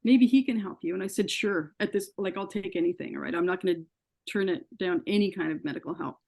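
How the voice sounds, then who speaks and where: A woman's voice: lowish voice, quick pace, vocal fry, darkish tone. Earnest woman telling her story. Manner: earnest storytelling, acts out quoted dialogue. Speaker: interview guest. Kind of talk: personal story in an interview.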